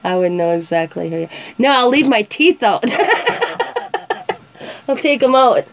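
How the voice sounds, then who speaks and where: This woman's voice is on the high side, sing-song and slow, over slight background noise on a rough recording. She's a show host in her forties, casually telling funny family stories, laughing often and performing the lines people said.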